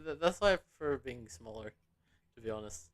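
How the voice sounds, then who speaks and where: A man's voice: mid-range voice, lively intonation, a little fast. A man hosting a podcast in casual chat, talking loosely and stammering on restarts. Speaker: podcast host.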